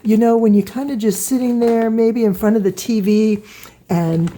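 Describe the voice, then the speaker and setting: A woman hosting a quilting vlog, gushing with excited exclamations as she shows items to the camera in her home sewing room. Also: a little high, normal speed. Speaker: quilting channel host. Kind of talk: casual show-and-tell vlog. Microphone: camera close by on a table.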